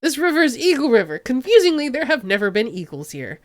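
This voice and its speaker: A chatty woman streamer giving casual game commentary with lots of giggles. Her pitch is high and swoops all over. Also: very animated, fast talker.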